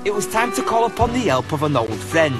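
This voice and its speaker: A man's voice: high-pitched, big pitch swings, fairly quick. An actor voicing a cocky lad who narrates his own antics in slangy comic voice-over. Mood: boastful. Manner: boastful, slangy. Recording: loud music behind the voice-over.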